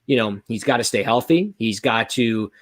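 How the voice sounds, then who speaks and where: A man hosting a sports podcast, talking in a rambling, excitable way with many restarts. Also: mid-range voice, moderate pace, dry recording, studio quality. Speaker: podcast host. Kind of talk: casual sports chat.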